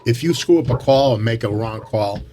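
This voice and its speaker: A man's voice: mid-range voice, a little fast, warm tone. Earnest man, veteran umpire. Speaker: baseball umpire. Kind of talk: casual storytelling chat.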